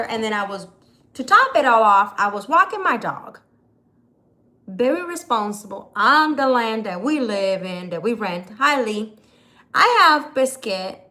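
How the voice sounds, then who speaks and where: A woman's voice: a little high, sharp tone. A woman hosting a casual live vlog from home, telling a story in an exasperated, rambling way. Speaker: creator hosting a live video. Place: at home, hot day.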